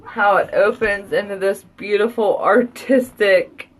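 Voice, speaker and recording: A woman's voice: medium pitch, fairly even intonation, unhurried. A woman and mother chatting casually at home in a live beauty product review, rambling and gushing. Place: at home, children heard downstairs.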